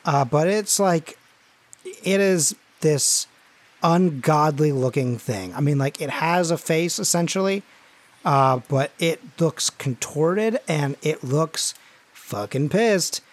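A man's voice: fairly high pitch, animated, slow. A man narrating a tabletop game as game master, rambling and full of fillers like "like" and "you know".

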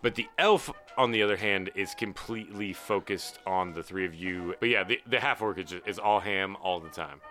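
A man's voice: sits low, moderate pace, few pauses, sharp tone, soft background music. A man narrating a tabletop game as game master, in a casual, easily amused way.

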